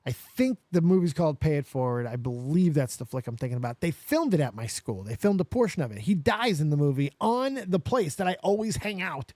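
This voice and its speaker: A brisk man in his forties from Las Vegas, USA, with a voice on the high side, casually tells a story while hosting a livestream, barely pausing. He's animated and swears often, acting out both sides of the dialogue. The recording is dry.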